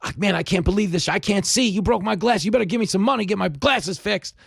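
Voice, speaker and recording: A man voicing a loud, pushy male street hustler who yells and demands money. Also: high-pitched, fast talker, gravelly, slightly rough, no room sound, studio quality, pitched above the performer's own voice, exaggerated voice. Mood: indignant, yelling. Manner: yelling, demanding.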